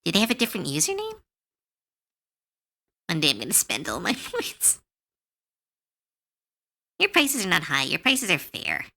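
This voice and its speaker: A woman artist chatting casually on a livestream while she draws, talking in a chatty, animated way with many fillers and restarts. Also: fairly low pitch, unhurried, gravelly, long pauses. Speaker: artist streamer.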